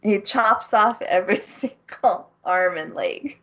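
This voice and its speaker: A woman's voice: mid-range voice, slow, fairly bright tone, highs cut off. A woman co-hosting a casual podcast, retelling an anime plot and laughing often as she goes. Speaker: podcast co-host. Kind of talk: casual anime recap chat.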